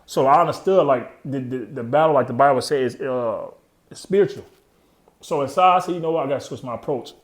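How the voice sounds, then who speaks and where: This interview guest, a man in his thirties, talks a little fast at medium pitch in a reverberant space. He tells his story frankly, in streetwise slang, often leaving thoughts unfinished.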